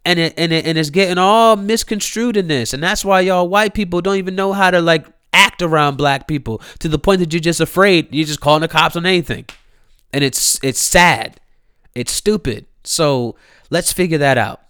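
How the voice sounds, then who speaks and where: A man's voice: a little high, moderate pace, fairly bright tone, smooth, dry recording, studio quality. A young man from Maryland, hosting his own show, ranting in a casual, slangy, profane way and repeating his phrases. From Columbia, Maryland. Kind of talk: casual solo rant.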